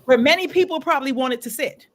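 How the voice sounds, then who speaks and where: A woman hosting a casual talk show, telling a long story in an animated way, repeating phrases for emphasis and swearing freely. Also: high-pitched, fast. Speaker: show host.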